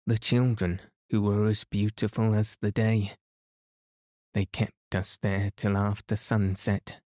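A man's voice: fairly low pitch, little pitch movement, slow, darkish tone, no echo, studio quality. A man reading an earnest young girl. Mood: pleading. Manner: pleading, earnest.

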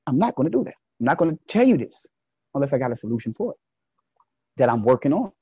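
A man delivering a casual, preachy monologue straight at his listeners, swinging between loud emphatic bursts and low asides. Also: big pitch swings, quick pace, slightly rough, no echo, dull audio. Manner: preachy, speaks to listeners directly.

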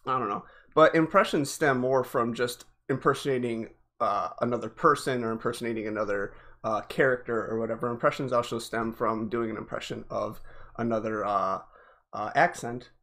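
A man's voice: medium pitch, normal speed, fairly bright tone. A man with a Northeastern US accent, voice sitting in a middle range. He talks in a loose, rambling podcast chat, full of restarts and fillers. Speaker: podcast co-host, delivery driver. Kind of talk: casual chat.

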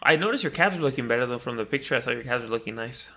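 A man's voice: mid-range voice, expressive, racing, pushed and bright. A young man co-hosting a podcast in casual chat, teasing and asking blunt questions. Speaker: podcast co-host.

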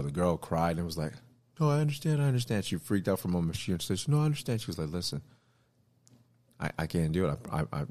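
A man in casual chat, telling a story with lively acted-out quotes and lots of repeated words. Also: deep voice, no room sound. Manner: animated storytelling, acts out quotes; repeats words, frequent fillers.

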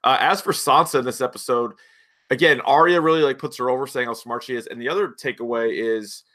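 Animated man recapping with bright voice. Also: medium pitch. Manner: animated, acts out characters' lines in quick voices. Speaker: podcast co-host. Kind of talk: casual chat.

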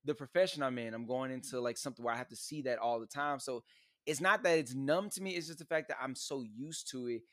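Hombre charlando con risas, sonido seco. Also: male voice, medium pitch, fast talker, no room sound, clean studio sound. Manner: laughs often, slangy and animated storytelling. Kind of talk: casual chat.

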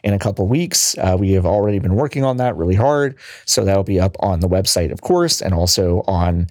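A man's voice: sits low, lively intonation, fairly quick, a little mellow, no echo. Casual man hosting a podcast, dry sound. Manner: rambling, filler-heavy, playful teasing. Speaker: podcast host. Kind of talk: casual podcast sign-off chat.

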